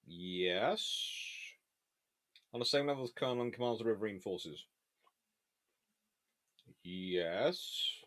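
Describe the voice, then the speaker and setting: A man's voice: on the low side, slow, pauses often, fairly bright tone. A man hosting a casual live question-and-answer session on naval history. He reads viewer questions aloud and answers them offhand while eating between remarks.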